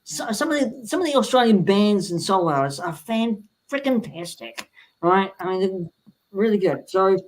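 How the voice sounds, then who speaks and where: A man co-hosting a casual music chat, talking excitedly like a promo jingle with lots of fillers. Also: sits high, moderate pace, rough recording. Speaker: music show co-host.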